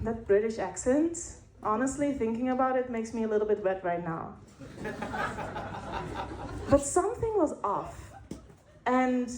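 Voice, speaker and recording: A woman telling a frank personal story, candid and wry, with pauses for effect. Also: sits high, a little mellow. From Netherlands. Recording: roomy echo.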